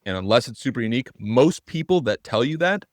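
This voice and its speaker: A man's voice: medium pitch, lively intonation, a little fast, dry recording, studio quality. A man co-hosting a podcast in casual conversation, earnest and thinking aloud with frequent restarts. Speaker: podcast co-host.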